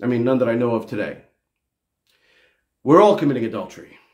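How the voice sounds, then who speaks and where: A man giving a casual video lecture as a religious teacher, talking in an animated, digressive and emphatic way. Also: medium pitch, a little fast.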